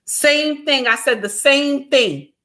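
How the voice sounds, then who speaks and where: A middle-aged woman, giving an impassioned commentary monologue, repeating her points and shouting for emphasis. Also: high voice, slow. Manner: preachy, repeats lines for emphasis, shouts at times. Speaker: commentary vlogger.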